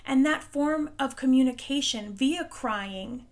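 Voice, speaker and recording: High-pitched woman giving earnest encouragement. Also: slow. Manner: earnest, emphatic, speaks straight to the viewer. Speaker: spiritual channeler and host. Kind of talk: casual motivational monologue.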